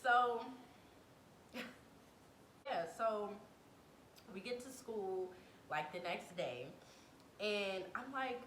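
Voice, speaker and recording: A young adult woman telling a personal story to camera in a dramatic, animated way, full of slang. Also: extremely slow, long pauses. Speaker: vlogger. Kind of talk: storytime vlog. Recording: echoey room, faint rumble.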